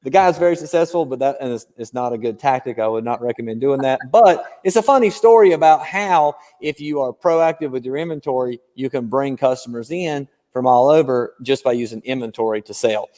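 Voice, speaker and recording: A man's voice: medium pitch, a little fast, hardly any pauses. Man explaining with a long room reverb. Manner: animated storyteller, explains with examples. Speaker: guest car-dealership trainer. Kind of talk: casual podcast chat.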